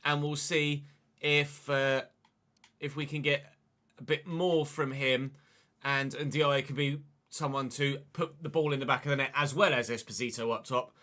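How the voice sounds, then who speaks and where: A man's voice: medium pitch, steady tone, moderate pace, bright, forceful tone. A young man commentating his football video game live, chatty and thanking viewers by name between plays. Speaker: gaming streamer.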